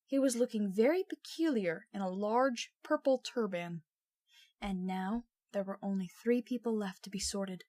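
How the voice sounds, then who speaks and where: Woman reader, steady expressive storyteller, dry mic. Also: medium pitch, moderate pace, dry recording. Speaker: audiobook reader. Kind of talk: reading a novel aloud.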